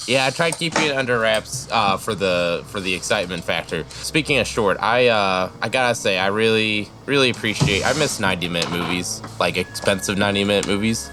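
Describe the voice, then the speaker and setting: A man's voice: fairly low pitch, a little fast, few pauses, music in the background. A man co-hosting a casual podcast, making wry joking asides. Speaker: podcast co-host. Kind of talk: casual chat.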